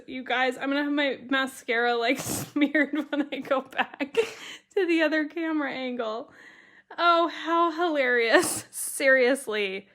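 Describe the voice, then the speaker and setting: A woman's voice: high voice, measured pace, fairly bright tone. A woman teaching a watercolor stamping tutorial on a live stream, chatting with viewers and laughing through her words. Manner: bubbly and chatty, reading out viewer comments.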